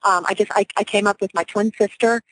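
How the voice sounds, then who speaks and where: A self-assured woman in her forties, originally from Louisiana, speaks as a radio guest at a middle pitch. Her talk is energetic, coming in quick bursts with some restarts, and the recording is close and dry, with no room sound. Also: dry recording, low-quality recording. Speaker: guest, real estate broker. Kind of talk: radio interview.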